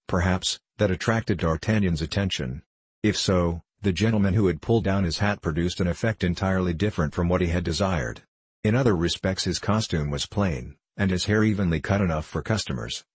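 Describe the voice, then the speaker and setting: A man narrating a classic novel as an audiobook in a measured, even reading. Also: sits low, husky, no echo.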